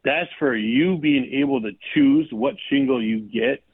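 A man talks through an earnest sales pitch for a radio ad. His voice is husky and thin, heard over a tinny, phone-like line. The sound is dry and close. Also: measured pace, no echo. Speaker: roofing company representative. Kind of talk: radio ad testimonial.

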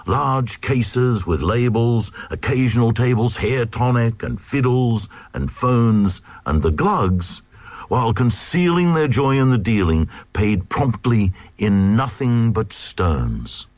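A man's voice: medium pitch, lively intonation, takes it slowly, a little mellow, no echo. A man giving a dramatic reading of a comic verse tale in a rhythmic, sing-song delivery. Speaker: reader.

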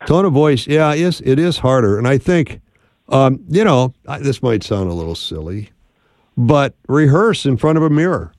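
A man's voice: medium pitch, expressive, normal speed, a little mellow, no room sound. A man hosting a radio call-in show and giving folksy, friendly relationship advice from the studio. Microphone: studio mic.

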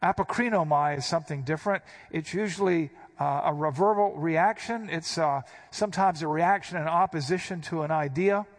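A man delivering an expository sermon in a somewhat high voice. He walks through the passage point by point, and he hits the quoted lines with sudden emphasis. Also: moderate pace, hardly any pauses. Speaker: pastor.

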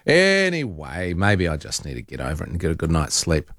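New man, talk radio host, low voice swinging up and down, dry close sound. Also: a little fast, dry recording. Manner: animated, exasperated storytelling with frequent ums and restarts. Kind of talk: casual phone-in radio talk.

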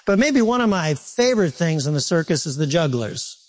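A man preaching a sermon to a congregation in an animated, conversational way, repeating points and turning to asides. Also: on the high side, brisk. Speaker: pastor.

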